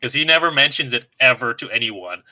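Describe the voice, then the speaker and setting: A man's voice: medium pitch, animated, brisk, bright, forceful tone, rough recording. A man co-hosting a podcast, chatting casually, laughing often and joking at his own expense. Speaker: podcast co-host.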